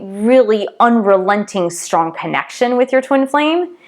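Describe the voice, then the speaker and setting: A woman's voice: medium pitch, animated, measured pace. A woman coach giving a casual teaching talk, emphatic, repeating key words and checking in with "okay?" and "right?". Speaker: twin flame coach and tarot reader.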